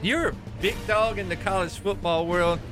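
A man co-hosting a casual sports talk show, ranting and teasing his co-host with big swings in pitch and volume. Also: moderate pace, music in the background. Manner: teasing, animated, loud rants.

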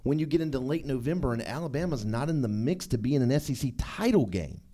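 A man's voice: medium pitch, expressive, fast, warm tone. A man hosting sports talk radio, dropping wry one-liners and rambling through restarts.

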